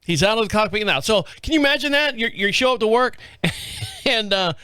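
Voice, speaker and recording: A man hosting a podcast, commenting on news clips in a joking, animated way. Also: high voice, fast talker, smooth, no echo. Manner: joking, animated, laughs often. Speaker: podcast host.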